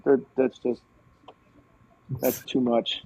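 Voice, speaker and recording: Man telling lively bowling stories. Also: medium pitch, slow, gravelly, slightly rough, rough recording. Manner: animated storyteller, quotes others, frequent fillers and restarts. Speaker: podcast guest. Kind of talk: casual storytelling.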